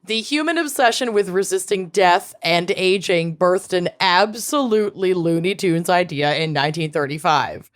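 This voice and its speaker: A woman's voice: fairly low pitch, moderate pace, few pauses. A woman co-hosting a casual podcast, reading an old article aloud with sarcastic, amused asides. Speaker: podcast co-host.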